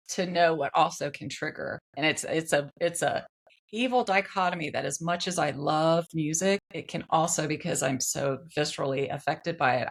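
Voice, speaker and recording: Gravelly-voiced woman guest. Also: sits low. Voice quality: earnest, candid, laughs easily. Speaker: podcast guest, speech-language pathologist. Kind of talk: casual interview chat.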